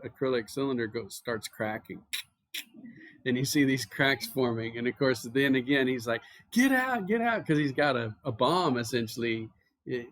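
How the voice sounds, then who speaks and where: An American man delivers a university chemistry lecture in a relaxed, storytelling way, often pausing on fillers and restarts. His voice sits in an ordinary middle pitch. The sound is dry, with little room echo. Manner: relaxed, anecdotal explaining with filler words. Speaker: chemistry professor.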